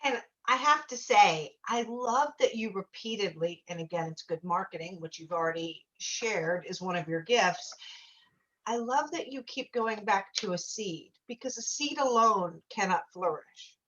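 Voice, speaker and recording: A woman host with a bright, forceful voice, heaping praise on her guest and tripping over restarts as she goes. The audio is dull and lo-fi. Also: medium pitch, expressive, unhurried. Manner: gushing and effusive, with many restarts. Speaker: talk show host. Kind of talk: interview on a video show.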